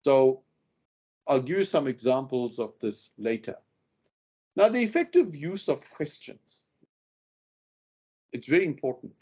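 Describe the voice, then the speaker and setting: Heard through a muffled recording, a man speaks in a mellow, medium-pitched voice with a breathy edge, sing-song and a little slow, leaving long pauses. His lecture teaches lawyers courtroom questioning, and he performs the example questions while leaning hard on the key words.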